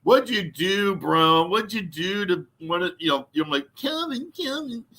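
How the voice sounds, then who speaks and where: A man hosting his own show, ranting in a mocking, profane way and breaking into laughter. His voice sits high for a man. The tone is strikingly bright. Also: a little slow. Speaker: show host. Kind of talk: mocking comic rant.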